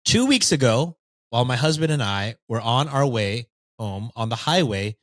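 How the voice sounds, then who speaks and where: A man reads a story aloud on a podcast, his pitch swinging widely as he goes. He stops now and then for a playful aside. The sound is close and dry. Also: moderate pace, no echo. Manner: lively, reads with jokey asides. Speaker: podcast host reading stories.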